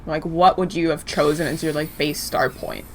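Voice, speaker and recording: Low-voiced Canadian woman, playful. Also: fairly even intonation, normal speed, slight background noise. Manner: playful and teasing. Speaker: podcast guest. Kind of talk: casual chat.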